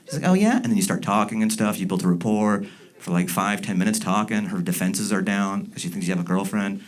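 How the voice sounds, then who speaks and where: A man doing a stand-up comedy set, animated and jumping into loud, shouted character bits. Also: fairly low pitch, fast. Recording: live comedy club with audience laughter.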